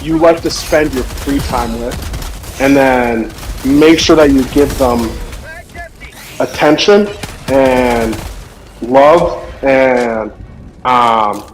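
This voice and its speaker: A man's voice: mid-range voice, drawn-out words, long pauses. A young man streaming, telling a funny story in casual chat and laughing often. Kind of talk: casual storytelling while gaming.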